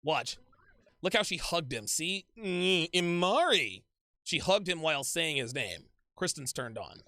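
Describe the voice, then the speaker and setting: A man giving casual, profane reaction commentary on a dating show, animated and repetitive. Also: on the high side, moderate pace, dry recording. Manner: animated, profane, repeats himself.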